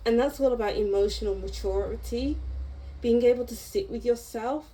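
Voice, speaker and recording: A woman giving a tarot reading to her viewers, talking in a slow, reflective and gently encouraging way, pausing and restarting her thoughts. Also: a little high, low-quality recording. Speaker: tarot reader. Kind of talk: unscripted tarot reading monologue.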